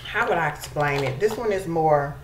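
In a deep, expressive voice at normal speed, a beauty vlogger casually chats with her viewers, whom she calls y'all. It's recorded in an echoey room with faint background noise.

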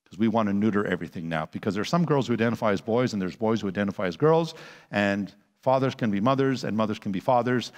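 A man giving a conference lecture with slides as a Christian apologist, animated and sarcastic, full of rhetorical questions. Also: on the low side, quick pace. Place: church conference hall. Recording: long hall reverb.

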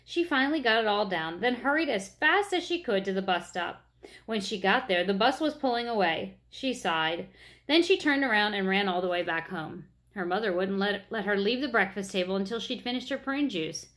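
Expressive woman reading a children's book. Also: mid-range voice, moderate pace. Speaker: reader.

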